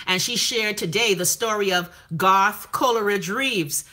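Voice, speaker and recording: A woman's voice: mid-range voice, unhurried, sharp tone. A woman with a Bahamian accent, hosting a casual live stream, reading viewer comments and giving blunt, profane commentary.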